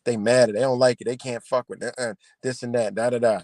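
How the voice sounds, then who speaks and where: A man's voice: medium pitch, fairly even intonation, quick pace, darkish tone, no room sound. Profane, heated man ranting live. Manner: profane, confrontational, repetitive. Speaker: livestream host. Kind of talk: heated livestream rant.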